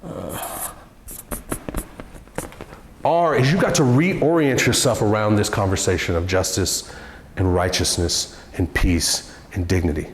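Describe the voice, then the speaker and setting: A man giving an earnest, conversational church talk as a guest speaker, with lively swings in pitch. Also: a little slow, pauses often. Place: church hall. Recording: echoey hall.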